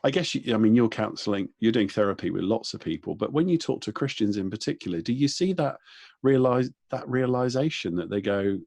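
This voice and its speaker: Earnest, husky-voiced male interviewer. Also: lowish voice, lively intonation, a little fast, darkish tone, no room sound. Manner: earnest, rambling with restarts, checks in with the listener. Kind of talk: conversational interview.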